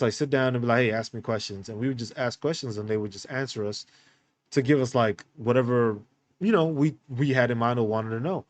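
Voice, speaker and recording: A man hosting a podcast, telling a personal story in a candid, halting way with many fillers and restarts. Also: medium pitch, a little mellow, dry recording. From United States. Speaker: podcast host.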